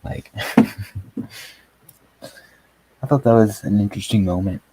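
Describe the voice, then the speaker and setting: Guy reviewing a show, slow and kinda husky, chuckles a lot, dry sound. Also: lowish voice, dark tone, dry recording, low-quality recording. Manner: rambling, chuckles often, many fillers. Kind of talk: casual video review chat.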